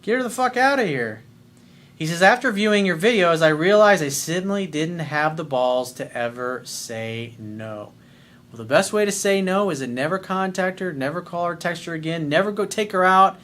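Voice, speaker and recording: A middle-aged man giving dating advice in a loose, unscripted monologue. His voice sits fairly high for a man, and he speaks bluntly with plenty of swearing and hard emphasis. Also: animated, normal speed, a bit bright. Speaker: dating coach.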